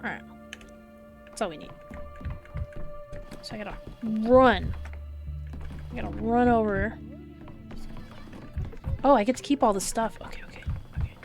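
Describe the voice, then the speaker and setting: A woman's voice: on the high side, unhurried, long pauses, faint music behind. A woman streaming a video game, chatting as she plays, thinking aloud and reading the game's dialogue out. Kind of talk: live gameplay commentary.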